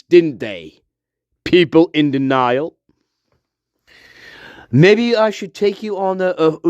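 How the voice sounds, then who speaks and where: High, animated man ranting and swearing. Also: no room sound, clean studio sound. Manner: shouting, swearing, mocking. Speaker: online commentator. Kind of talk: ranting commentary.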